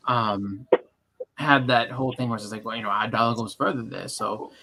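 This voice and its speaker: A man's voice: medium pitch, steady tone, brisk, noisy background. A man chatting casually in a podcast, rambling with many restarts and acting out little scenes. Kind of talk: casual chat.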